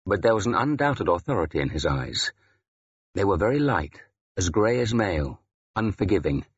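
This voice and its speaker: A man reads a first-person historical tale with dramatic, expressive delivery. His low, husky voice rises and falls widely, and the recording sounds dry and slightly muffled. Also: moderate pace, no room sound. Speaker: audiobook narrator. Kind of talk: scripted first-person narration.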